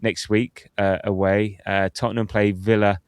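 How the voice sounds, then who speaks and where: Low-voiced man in his fifties. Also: little pitch movement, moderate pace, smooth, no echo, studio quality. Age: 50s. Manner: chatty, laughs often, reads out listener comments. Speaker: podcast host. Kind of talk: casual football podcast chat.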